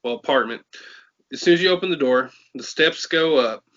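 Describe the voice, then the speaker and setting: A man from Tennessee, co-hosting a podcast and telling his own ghost story in a quick, chatty way. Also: on the high side, fairly bright tone. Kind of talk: casual chat. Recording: muffled lo-fi podcast audio.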